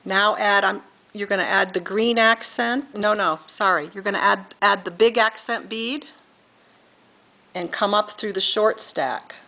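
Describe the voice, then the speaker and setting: In a low-quality recording, a beading instructor in middle age speaks a little slowly, her medium-pitched voice gravelly and sharp. She patiently guides each step, counting beads aloud and fixing her own mistakes as she goes.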